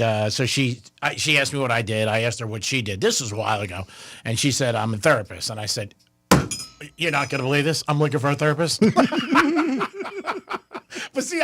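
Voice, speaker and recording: A male radio host who tells stories in lively, casual banter and laughs often. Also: medium pitch. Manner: animated storyteller, laughs often.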